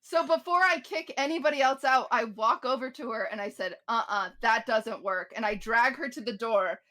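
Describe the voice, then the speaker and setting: High, bright woman telling a party story. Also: moderate pace. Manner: animated storytelling, swearing, acted-out quotes. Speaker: podcast guest telling a story. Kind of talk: casual chat.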